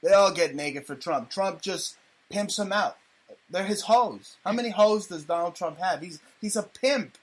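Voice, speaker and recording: Loud profane ranting male talk host. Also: sits high, measured pace. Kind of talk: crude political rant.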